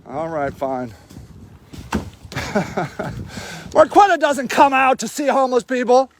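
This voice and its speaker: A man livestreaming from a homeless camp sweep, shouting angrily and confronting officials. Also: extremely high pitch, big pitch swings, slow pace, slight background noise. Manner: shouting, furious, accusatory. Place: outdoor homeless camp in snow.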